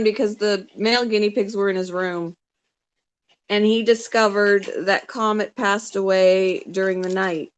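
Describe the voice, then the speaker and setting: A middle-aged woman talks casually with her audience during a crafting session, at an ordinary middle pitch. Her speech is soft and a little rambling, and she often mutters half to herself while she works. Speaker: vlogger chatting with live viewers while crafting. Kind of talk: casual live-stream chat.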